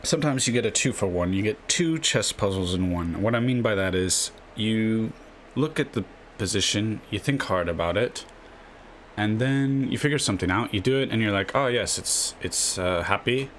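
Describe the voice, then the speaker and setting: Brief: low-pitched male chess host, offhand and rambling, slight hiss in the background. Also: animated, normal speed. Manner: rambling, tags lines with a questioning "yeah?". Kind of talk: casual screen-share explainer.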